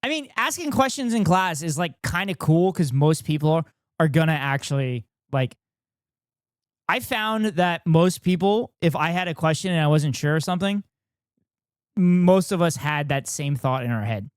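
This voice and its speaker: Casting note: rambling, self-deprecating male streamer, crisp and dry close-mic sound. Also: a little high, moderate pace, no room sound. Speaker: streamer reacting with chat. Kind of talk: casual live-stream chat.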